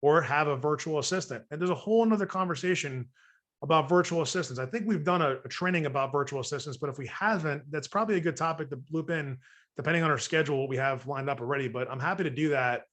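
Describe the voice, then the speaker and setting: Fast-talking male real estate coach. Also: on the high side, a bit bright. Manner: fast, joking, acts out sample calls. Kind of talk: webinar training talk.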